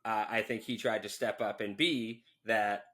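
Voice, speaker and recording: Bright-voiced profane podcast guy. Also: on the low side, normal speed. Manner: profane, animated, laughs a lot. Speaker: podcast co-host. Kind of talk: casual chat.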